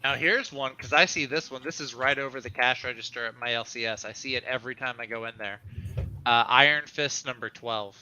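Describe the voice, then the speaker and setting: A man co-hosting a comic livestream, telling stories in an animated, exaggerating way. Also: mid-range voice, brisk, smooth, dull audio. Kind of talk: casual chat.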